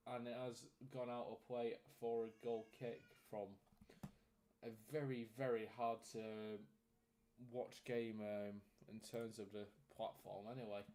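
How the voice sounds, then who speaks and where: A man's voice: medium pitch, a little slow. A young man streaming, reading out football scores and chatting with viewers as he commentates on a match. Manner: reels off scores in a flat list, chatty with viewers. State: out of breath. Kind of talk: casual live-stream chat and commentary.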